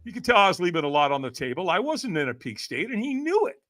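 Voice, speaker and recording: Speaking fast, a middle-aged man tells a personal story as a podcast guest. His high, forceful voice swings widely as he impersonates what others said, and the delivery stays animated from start to finish.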